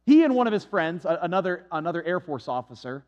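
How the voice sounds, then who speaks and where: A man's voice: fairly high pitch, very animated, quick pace, darkish tone. A man preaching, reading scripture and then telling a story in a conversational, rambling way. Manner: conversational storytelling with frequent restarts. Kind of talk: sermon with Bible reading and personal story. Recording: dull lo-fi recording.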